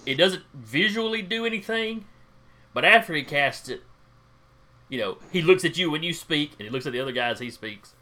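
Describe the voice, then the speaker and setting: Animated, bright-voiced game master. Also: male voice, on the high side, normal speed. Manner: chatty, relaxed, narrates with fillers. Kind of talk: narrating a tabletop game.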